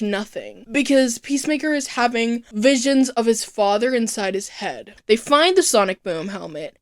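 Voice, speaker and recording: Casual, cussing woman recapping a show. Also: a little high. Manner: profane, breezy storytelling with jokey asides. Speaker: video recap host.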